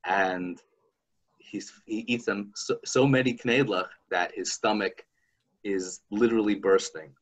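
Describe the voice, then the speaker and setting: A man hosting a podcast, chatting casually and telling a folk story in an animated, halting way. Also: on the low side. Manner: animated, halting, with many restarts. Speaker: podcast host.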